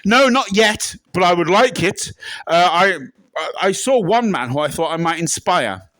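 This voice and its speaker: Casting: man, high lively bright voice, deadpan comic interviewee prone to shrieking impressions. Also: moderate pace, no room sound, poor audio. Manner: bursts into loud shrieking impressions. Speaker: interviewee in a comedy sketch.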